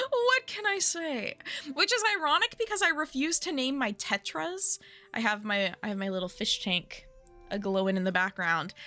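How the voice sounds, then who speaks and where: A young woman chats casually with her stream viewers from home. She rambles and giggles, her voice bright and lively as it swoops up and down. Quiet music plays beneath her. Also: a little high. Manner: chatty and giggly, lots of likes and you knows. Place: at home, indoors.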